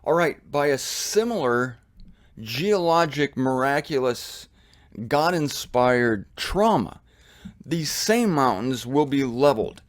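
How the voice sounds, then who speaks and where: An American man giving a casual, animated Bible study with humorous asides. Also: medium pitch, takes it slowly, no room sound, studio quality. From United States. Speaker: Bible teacher. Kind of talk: conversational Bible study teaching. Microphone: studio mic with headphones.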